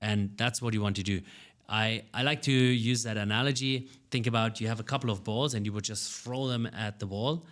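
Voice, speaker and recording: Energetic low-voiced male speaking coach. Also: fairly quick, few pauses. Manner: energetic, animated, repeats words when starting sentences. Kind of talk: interview answers.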